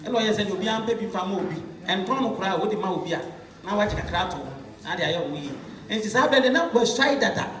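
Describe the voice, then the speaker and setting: A man's voice: sits high, animated, quick pace, fairly bright tone. A man asking questions in a casual chat and laughing often as he talks. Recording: echoey room, distant mic.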